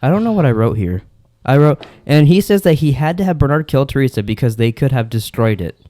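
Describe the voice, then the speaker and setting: A man's voice: mid-range voice, animated, fairly quick, warm tone, dry recording. A man hosting a casual podcast chat, rambling and joking with friends. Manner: joking, rambling, does silly voices. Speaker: podcast host.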